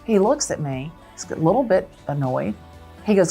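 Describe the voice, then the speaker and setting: Low-voiced woman telling a lively story. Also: normal speed, gravelly, faint music behind. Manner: dramatic, expressive storyteller. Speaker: real estate agent. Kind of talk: animated storytelling.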